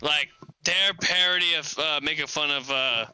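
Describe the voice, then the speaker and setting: A man's voice: on the high side, moderate pace, bright, forceful tone, clean tone. A man hosting a casual live podcast, chatting loosely and rambling about wrestling. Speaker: podcast host.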